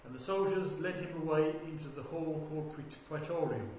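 A man reading a Bible passage aloud in a measured, deliberate way, lifting his voice for quoted speech. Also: on the high side, darkish tone. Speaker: scripture reader. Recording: very echoey room with faint background noise.

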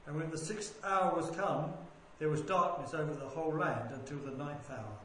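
A man with a fairly high voice reads scripture aloud, slow and deliberate, lifting his tone for the quoted lines. His voice rings through a very reverberant room with a faint hiss of background noise. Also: a bit bright. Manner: measured, deliberate reading that rises for quoted speech. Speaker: scripture reader. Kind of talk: bible reading aloud.

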